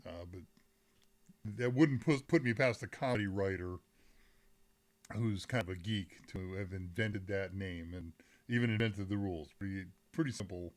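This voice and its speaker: A man's voice: low-pitched, moderate pace. Rambling, self-interrupting male tech streamer. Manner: rambling, self-interrupting, reads chat aloud, laughs often. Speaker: host of a live tech Q&A stream. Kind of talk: casual live-stream chat.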